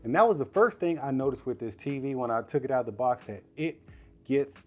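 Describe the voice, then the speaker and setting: A man's voice: mid-range voice, animated, a little fast, faint music behind. A man casually reviewing a TV at home, chatty and slangy, talking straight to viewers and laughing often. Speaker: tech reviewer. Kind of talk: casual product review vlog. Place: living room at home.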